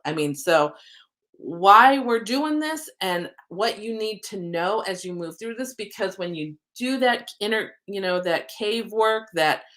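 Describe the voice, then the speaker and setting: A woman's voice: medium pitch, animated, unhurried, a bit bright. A woman who works as an oracle card reader and soul coach, hosting a live-streamed card reading. She talks in an upbeat, rambling way with plenty of ums and spiritual language. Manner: chatty, rambling, frequent ums.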